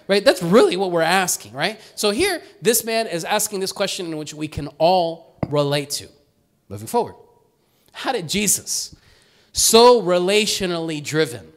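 A man preaching a sermon as pastor, in a conversational, animated way, often tagging "right?" and acting out quotes. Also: high-pitched.

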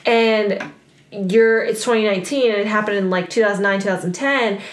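A woman's voice: medium pitch, moderate pace. Young woman, casual chat, chatty, filler-heavy, echoey room. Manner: chatty, laughing, frequent "like" fillers. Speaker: co-host. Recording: roomy echo.

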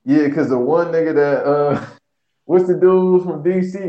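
A man chatting as a podcast guest, firing off quick slangy jokes. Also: a little high. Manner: quick joking comebacks, slangy. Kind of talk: casual podcast banter. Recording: roomy, dull lo-fi sound.

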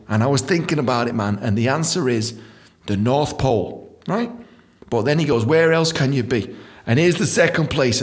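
A young man, telling a rambling, profane comic story as a podcast host. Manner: profane, animated storytelling with sudden high-pitched voices.

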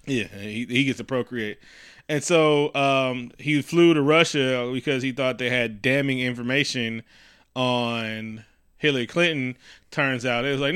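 Bright-voiced rambling man. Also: medium pitch, normal speed, clean tone, no room sound, clean studio sound. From San Francisco Bay Area. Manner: loose, rambling, laughs a lot, swears freely. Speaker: podcast co-host. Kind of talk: casual profane comedic chat.

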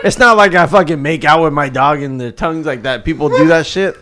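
A man's voice: a little high, a little fast, noisy background. Easygoing, laughing man. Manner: easygoing, laughs often, swears casually. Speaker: podcast guest. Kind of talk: casual podcast banter.

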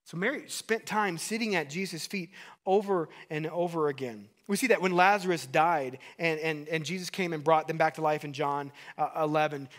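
A man in his thirties preaching a sermon with a slightly higher voice than most men. He talks to the congregation in an earnest, conversational way, throwing in asides and questions as he goes. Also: a bit bright. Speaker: pastor.

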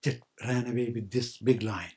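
A man's voice: mid-range voice, steady tone, moderate pace, mellow, slightly rough. An older man giving a spiritual talk as a playful story, laughing often and acting out the voices of the characters. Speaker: spiritual teacher. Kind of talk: storytelling sermon.

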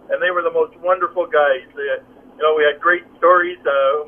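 High-voiced man telling a story by phone. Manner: nostalgic, relaxed storytelling. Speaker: caller. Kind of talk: phone-in chat. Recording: tinny phone line.

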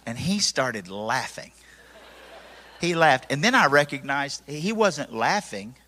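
Bright, animated preacher. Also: male voice, medium pitch, slow, big-room sound. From Tennessee, US. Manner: animated storyteller, acts out voices. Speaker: preacher giving his testimony. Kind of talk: storytelling sermon.

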